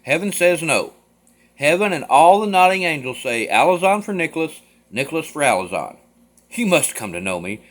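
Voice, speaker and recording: A man reading a play aloud, voicing a brash, excitable young man who boasts loudly and grandly. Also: on the high side, moderate pace, pitched above the performer's own voice. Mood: boastful. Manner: loud, grandiose declamation.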